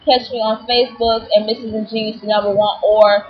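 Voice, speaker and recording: A woman telling an animated, indignant story in a casual vlog, full of fillers. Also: medium pitch, a little fast. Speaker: vlogger. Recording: dull lo-fi webcam audio with faint hiss.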